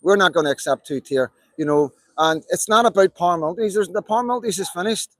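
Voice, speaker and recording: A man's voice: high voice, quick pace, fairly bright tone, no room sound, poor audio. A man with a Belfast accent, delivering an impassioned, repetitive live-stream monologue in an emphatic, rallying way. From Northern Ireland.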